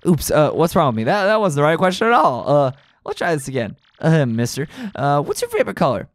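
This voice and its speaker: A man's voice: fairly high pitch, wildly swooping pitch, a little fast, dry recording, pitched above the performer's own voice. A man voicing a brusque male doorman checking a password in a video game playthrough.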